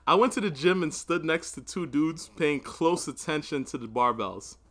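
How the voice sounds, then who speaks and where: A man's voice: a little high, animated, normal speed, a bit bright. A man co-hosting a podcast in casual chat, reacting expressively with laughs and exclamations. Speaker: podcast co-host.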